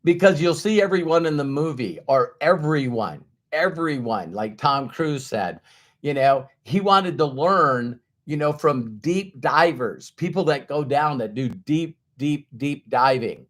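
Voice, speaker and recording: A man's voice: a little high, animated, a little slow. A man giving a conversational motivational talk who acts out the voices of doubters. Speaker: motivational speaker.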